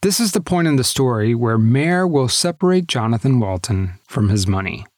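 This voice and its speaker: A man reading a scripted narration in a measured, dramatic way. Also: medium pitch, animated, no room sound, clean studio sound.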